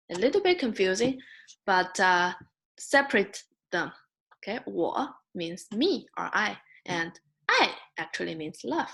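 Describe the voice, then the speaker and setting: Slow patient woman teaching Mandarin. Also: big pitch swings. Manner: slow, patient, models sounds loudly and high. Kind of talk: beginner language lesson.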